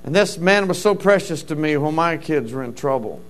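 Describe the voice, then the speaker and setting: A man's voice: a little high, animated, moderate pace. A middle-aged man preaching a sermon as a pastor, telling stories with fervent interjections of praise.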